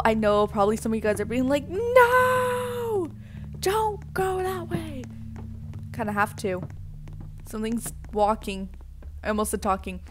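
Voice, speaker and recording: A woman's voice: a little high, a bit bright, a little hiss or hum. A young woman chatting playfully and dramatically to her viewers while she plays a game, full of sass and exaggerated reactions. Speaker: gaming streamer. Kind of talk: casual gameplay commentary.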